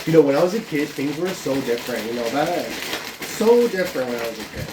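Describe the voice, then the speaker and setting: A man's voice: on the high side, lively intonation, fast, heavy background noise. A man, a YouTuber, ranting casually in a profane, rambling way while cooking in his home kitchen. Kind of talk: casual vlog rant. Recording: echoey room.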